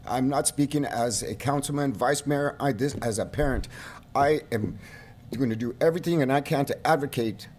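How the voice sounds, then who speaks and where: A middle-aged man giving an emotional public comment at a county board meeting, his voice rising toward shouting at its peaks, speaking at a podium microphone. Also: mid-range voice, a little hiss or hum. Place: council chamber.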